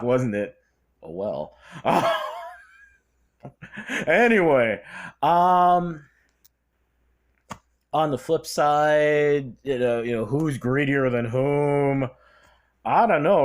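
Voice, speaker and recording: A vlogger gives casual opinion commentary that rambles and turns sarcastic, often trailing off with a throwaway "blah, blah". The pitch moves a lot and jumps up and down between phrases.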